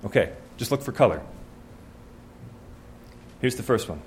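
A male preacher, neither high nor low in pitch, teaching from scripture in a conversational sermon. He keeps putting questions to his congregation and answers them himself in an earnest, friendly tone. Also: animated, unhurried, slight background noise.

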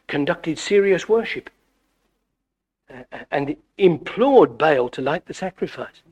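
A middle-aged man preaching a sermon, animated and full of stammered restarts. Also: breathy edge. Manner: animated, wide swings in pitch and loudness, frequent stammered restarts. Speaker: visiting preacher.

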